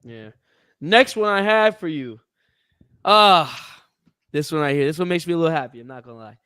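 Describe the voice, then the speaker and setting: Guy co-hosting a sports podcast, smooth clear voice, dry close sound, joking around with lots of ums. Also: on the high side, moderate pace, no room sound. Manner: animated, jokey, hesitant with fillers. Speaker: podcast co-host. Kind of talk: casual sports chat.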